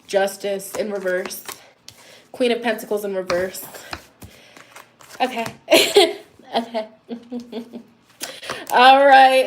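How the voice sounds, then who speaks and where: A woman's voice: high-pitched, slow pace, long pauses, a little hiss or hum. A woman doing a live tarot reading, playful and goofy, chatting loosely with lots of "you know" fillers. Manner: playful, goofy, with laughs and exclamations. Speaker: tarot reader.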